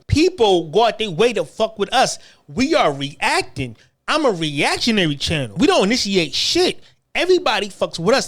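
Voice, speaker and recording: A man's voice: sits high, a bit bright. A man, ranting in heated, profane commentary as a channel host.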